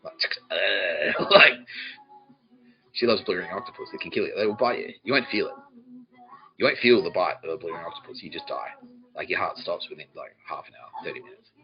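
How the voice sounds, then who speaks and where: A man's voice: low voice, expressive, fairly quick. A man, hosting a podcast in a rambling comedic monologue, swearing often and laughing mid-sentence. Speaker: podcast host. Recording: dull lo-fi recording with faint music.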